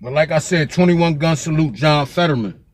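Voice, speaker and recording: Local man from Pennsylvania, heated and profane, raised voice, rapid-fire repetition. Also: a little high, no echo. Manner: fiery, profane, repeats "God damn it". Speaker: local commentator. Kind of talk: street vlog rant.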